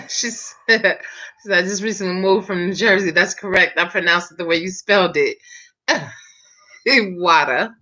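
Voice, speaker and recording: A woman who styles hair hosts a relaxed live chat, addressing viewers directly with a chatty manner and plenty of laughter. Her fairly low, fairly even voice moves at a moderate pace and sounds bright and forceful, over dull lo-fi stream audio.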